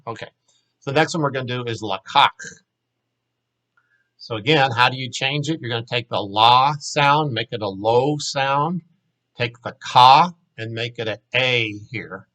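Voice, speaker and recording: A man's voice: mid-range voice, bright, forceful tone, low-quality recording. A man teaching a language lesson, patiently walking learners through verb forms and repeating each word for them. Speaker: Hebrew teacher.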